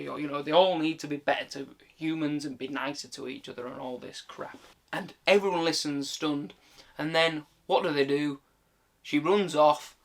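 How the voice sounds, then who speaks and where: A British film reviewer with a slightly high, fairly bright voice launches into a casual, exasperated rant about a movie. His talk is packed with swearing and filler words.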